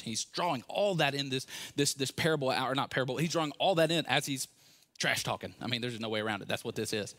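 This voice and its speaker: A man's voice: mid-range voice, fast talker. A man preaching a sermon, retelling a scripture story with sarcasm and acting out the characters' lines. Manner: animated, sarcastic storytelling with acted-out quotes. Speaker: pastor.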